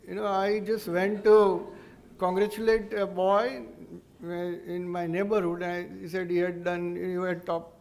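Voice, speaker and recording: A man with an Indian English accent, giving an earnest, explanatory public lecture as a neurologist, pausing and restarting as he goes. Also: high-pitched, flat delivery, darkish tone.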